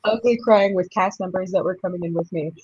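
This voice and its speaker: Brief: low, husky-voiced actress in her 30s, bubbly raconteur, dry lo-fi sound. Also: fairly quick, dry recording. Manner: bubbly, laughs often, lively storytelling. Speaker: touring musical theatre actress, guest. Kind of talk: casual interview chat.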